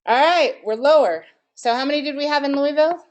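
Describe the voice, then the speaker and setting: A woman's voice: sits high, fairly quick, a little hiss or hum. A woman giving a live marketing workshop in a room with an audience, quizzing listeners and asking them for answers as she goes. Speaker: marketing presenter.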